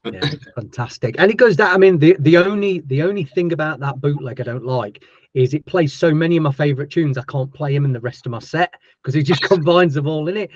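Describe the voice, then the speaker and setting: A man's voice: on the high side, quick pace, no room sound, lo-fi sound. Chatty Yorkshire man hosting, dry sound. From Yorkshire, England. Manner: chatty, jokey, matey. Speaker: podcast host. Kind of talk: casual interview chat.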